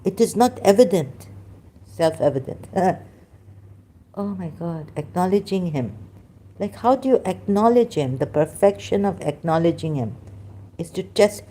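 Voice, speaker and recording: A woman's voice: fairly low pitch, animated, unhurried, dark tone, a little hiss or hum. A woman with a Persian accent, speaking in broken English, hosts a rambling religious commentary live stream and often halts and interrupts herself.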